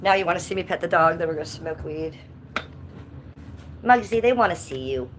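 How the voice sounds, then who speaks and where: Her voice sits on the low side, lively and a bit quick, as she livestreams casually on a handheld phone from her home in Cleveland, US. Going outside into the cold, she reads chat out loud in a blunt, jokey style full of swearing, over a faint hiss or hum.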